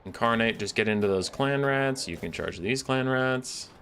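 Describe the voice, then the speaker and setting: A man's voice: mid-range voice, moderate pace, fairly bright tone, a little hiss or hum. A man streaming a strategy game, giving casual running commentary on his moves, playful and self-deprecating. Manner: playful, mock-scolding asides, self-deprecating. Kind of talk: casual live gameplay commentary.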